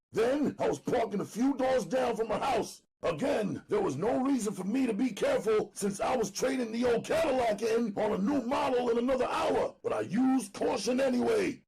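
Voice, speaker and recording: A man narrating an audiobook dramatically, loud and emphatic, often near shouting. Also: sits high, vocal fry, slightly rough.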